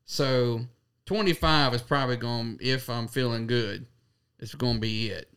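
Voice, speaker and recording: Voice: medium pitch, moderate pace, fairly bright tone, clear, resonant tone. A podcast co-host chatting casually, blunt and profane, with loose rambling sentences. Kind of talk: casual chat.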